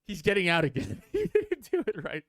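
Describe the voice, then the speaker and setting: A young man tells a comedy podcast story, quoting himself in a whiny voice. His voice sits high and swings widely in pitch. The sound is dry and close. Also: fairly quick, no room sound. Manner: animated, swearing, acts out his own quotes in a whiny high voice. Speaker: podcast co-host.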